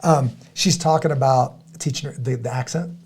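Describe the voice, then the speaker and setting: A middle-aged man hosting a podcast in casual chat, rambling and halting, with many restarts and fillers. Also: mid-range voice, darkish tone, husky. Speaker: podcast host.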